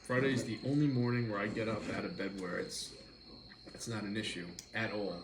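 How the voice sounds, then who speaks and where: A man's voice: lowish voice, brisk. A man hosting a casual live stream over dinner at home, rambling easily and greeting viewers by name. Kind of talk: casual chat while eating dinner. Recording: roomy with clear background noise.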